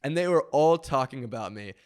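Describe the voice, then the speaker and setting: Young man, podcast host, casual animated storyteller who acts out quotes. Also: medium pitch, a little fast, clean tone. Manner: animated, acts out quoted voices, laughs often. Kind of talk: casual storytelling among friends.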